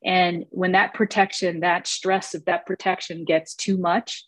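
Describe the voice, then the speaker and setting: Woman, recovery meeting share, hesitant with many fillers, lowish voice, dry sound. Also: level tone, unhurried, no echo.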